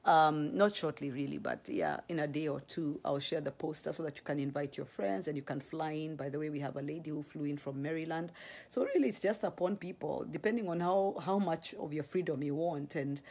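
A woman with a Kenyan accent, chatting on a live stream, very expressive and gasping as she tells stories. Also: sits low, fairly quick. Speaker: ministry leader. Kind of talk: casual live-stream chat.

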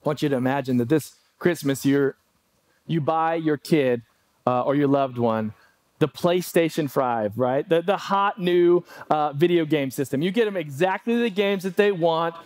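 A man preaching a sermon as pastor, animated, acting out pleading quotes. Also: on the high side, normal speed, no room sound.

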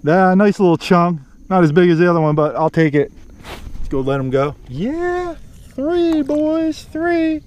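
A man filming himself bass fishing from a boat outdoors, cheering on every catch with casual commentary. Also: brisk, background noise. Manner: excited, cheers on fish with stock phrases. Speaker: fishing vlogger.

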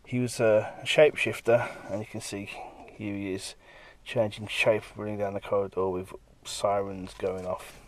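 A comic artist talking casually through pages he has drawn, lively, now and then slipping into quick character voices. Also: fairly low pitch. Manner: lively, breaks into brief character voices while retelling scenes. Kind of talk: casual walkthrough of his own work.

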